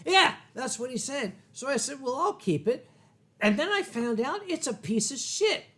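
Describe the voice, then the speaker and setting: A man's voice: very high-pitched, sing-song, normal speed, pushed and bright. A middle-aged man hosting a casual drinking chat, rambling and swearing with many fillers and restarts. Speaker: host.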